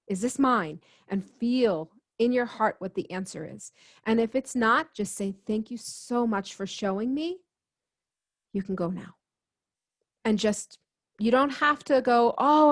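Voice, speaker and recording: A woman's voice: fairly high pitch, measured pace. A woman, a guest healer, earnestly telling a personal story in an interview and acting out the dialogue as she goes. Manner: earnest, quotes herself and others in dialogue. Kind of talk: conversational storytelling.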